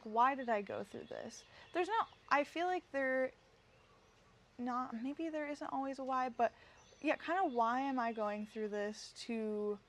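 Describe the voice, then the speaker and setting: A bubbly young woman hosts her own podcast and rambles happily to her listeners. Her voice sits a little high, and her talk is loose and unscripted, full of fillers and asides. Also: a little hiss or hum. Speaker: podcast host. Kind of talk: casual solo podcast chat.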